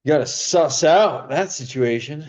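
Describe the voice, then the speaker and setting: A man's voice: on the high side, lively intonation, normal speed, a little mellow. A young man in casual chat, rambling with many restarts and plenty of enthusiasm. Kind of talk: casual chat about old movies.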